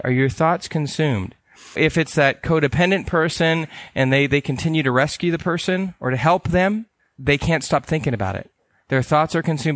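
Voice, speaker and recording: A middle-aged counselor from California giving a conference talk in a conversational way. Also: male voice, mid-range voice, a bit bright, no room sound. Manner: conversational, acts out dialogue with quick voice changes. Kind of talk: conference presentation.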